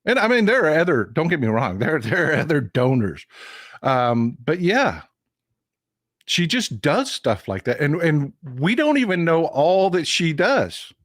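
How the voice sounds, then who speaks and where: A man's voice: on the high side, big pitch swings, a little slow, fairly bright tone, no echo, studio quality. A man hosting a live stream, chatting casually with viewers, laughing often and reading their comments aloud. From United States.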